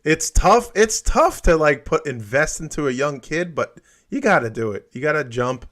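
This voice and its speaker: A man on an HVAC panel show talking casually, relaxed and hesitant, with many fillers. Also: on the high side, moderate pace. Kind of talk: casual chat.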